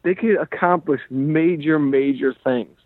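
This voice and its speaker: A male comedian and podcast host telling a story in a rambling, animated way, full of "like" and "you know". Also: on the high side, unhurried, dry recording. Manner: rambling, animated, heavy use of "like". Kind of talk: casual storytelling chat. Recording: dry tinny phone-like sound.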